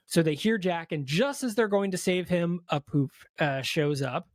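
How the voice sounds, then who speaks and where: A man's voice: fairly high pitch, moderate pace, few pauses, no room sound, studio quality. A man co-hosting a podcast, casually retelling a film's plot and acting out the characters' lines with lots of fillers. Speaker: podcast co-host. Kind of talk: casual film recap.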